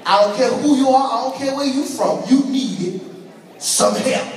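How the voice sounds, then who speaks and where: A male pastor preaching a sermon, swinging from quiet asides to shouted call-outs. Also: very high voice, animated, unhurried, slight background noise. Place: large church sanctuary with congregation. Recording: echoey church hall from far off.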